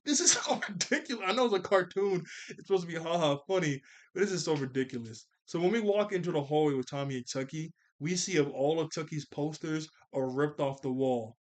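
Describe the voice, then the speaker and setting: Male reviewer, somewhat high voice, casual slangy recap with frequent laughs. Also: brisk. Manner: slangy and animated, laughs often, says "like" a lot. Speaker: cartoon episode reviewer. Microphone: camera mic.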